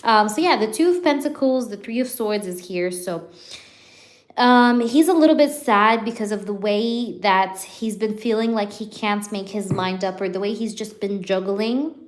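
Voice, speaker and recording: A young woman chats her way through a live tarot reading, talking straight to her viewers. She fills her speech with "like" and "you know" and speaks at an easy, mid-range pitch. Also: normal speed. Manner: chatty, filler-heavy, talks straight to viewers. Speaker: tarot reader.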